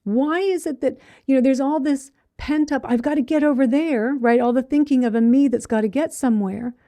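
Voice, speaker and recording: A woman's voice: high-pitched, brisk, mellow, no echo. A middle-aged woman teaching meditation in a conversational way, often acting out inner thoughts in quotes and checking in with "right?". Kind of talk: dharma talk.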